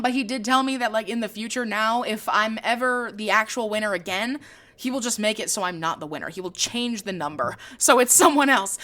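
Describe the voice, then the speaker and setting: A woman's voice: mid-range voice, a bit bright. A young woman hosting her own podcast, chatting casually, laughing often and swearing freely. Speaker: podcast host. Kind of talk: casual chat.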